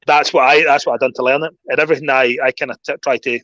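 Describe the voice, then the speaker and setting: Scottish man, bright tone, lively ranting storyteller in a casual podcast chat. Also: medium pitch, racing, dry recording, dull audio. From Scotland. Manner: animated storyteller, voice jumps up when ranting. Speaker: guest.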